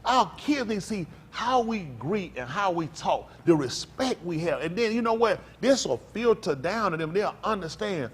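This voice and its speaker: Animated preaching man, high lively voice. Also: moderate pace, hardly any pauses, breathy edge. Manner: emphatic, preacherly, rising to loud outbursts. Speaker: pastor.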